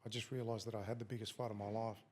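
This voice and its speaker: A man's voice: lowish voice, flat delivery, very fast, a little mellow. A middle-aged Australian man telling a story as a podcast guest, swearing freely and acting out quotes. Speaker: guest, former fighter. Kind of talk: casual storytelling in a podcast interview.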